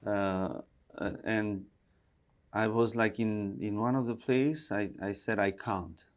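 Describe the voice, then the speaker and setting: A man's voice: on the low side, steady tone, takes it slowly. A man from Albania with an Albanian accent, chatting as an interview guest, laughing often and restarting his sentences. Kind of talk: casual interview conversation.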